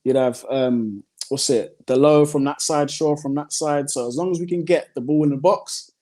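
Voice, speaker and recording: A man's voice: a little high, normal speed, mellow, lightly acted. A man putting on a football manager's press-conference talk, earnest and rambling.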